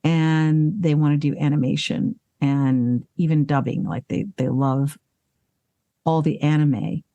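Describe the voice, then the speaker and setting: A woman with a fairly low voice talks candidly about her voice work as an interview guest. She is animated, swears freely and laughs at herself, and hiccups keep breaking into her speech. The sound is dry and close. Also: a little slow, dry recording, lo-fi sound. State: hiccuping and burping. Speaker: voice actress and singer, guest. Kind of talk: casual interview conversation.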